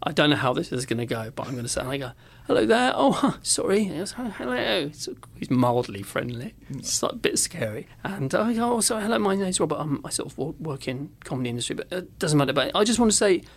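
Animated man telling a story. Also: a little high, fast talker. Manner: animated storyteller, acts out quotes. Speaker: podcast co-host. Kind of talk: casual chat, telling an anecdote.

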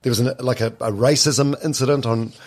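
A man's voice: mid-range voice, steady tone, a little fast, darkish tone. A man hosting a podcast, friendly and casual, often stammering as he starts his points. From New Zealand. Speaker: podcast host. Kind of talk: casual interview chat.

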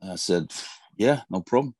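A man in his fifties tells old football stories in a casual interview, swearing freely. His voice sits low. The sound is dry and close. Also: expressive, moderate pace, a little mellow, no echo. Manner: profane, storytelling, swears constantly. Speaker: former footballer, guest.

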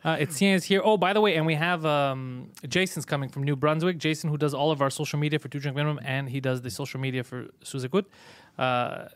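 Guy hosting a podcast, talks fast and a bit high, swears constantly, dry sound. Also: no room sound. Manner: swearing, animated storytelling. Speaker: podcast host. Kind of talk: casual comedy podcast chat.

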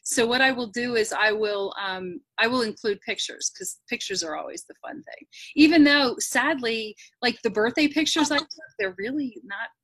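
A woman's voice: fairly high pitch, normal speed, hardly any pauses, a bit bright, no room sound. A woman hosting a casual group video call, laughing often and trailing off with fillers. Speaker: host of group reunion call.

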